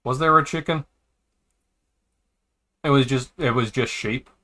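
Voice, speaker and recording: A streamer reads visual novel dialogue aloud at a measured pace, his medium-pitched voice bright and forceful. He stays casual, pausing between lines for jokes.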